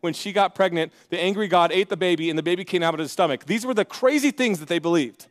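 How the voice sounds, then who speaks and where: A man preaching a sermon in an energetic, conversational way, with joking asides to the congregation. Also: high-pitched, fast. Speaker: pastor. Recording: long reverb of a large hall.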